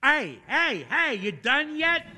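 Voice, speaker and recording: Man doing a loud, impatient young guy. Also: very high voice, sing-song, slow pace, voice pushed up, full character voice.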